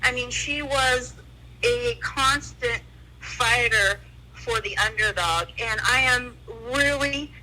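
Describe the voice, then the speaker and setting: A woman in grief calls in to a casual podcast chat. Her voice is high and bright, and she takes her time. She speaks bluntly and from the heart, swearing freely. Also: slow, a little hiss or hum, low-quality recording. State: grieving. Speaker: guest on the line.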